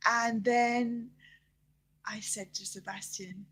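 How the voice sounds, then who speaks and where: Breathy grandmother whispering a bedtime story. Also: fairly high pitch, takes it slowly. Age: older. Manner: soft, often whispered, hesitant storytelling.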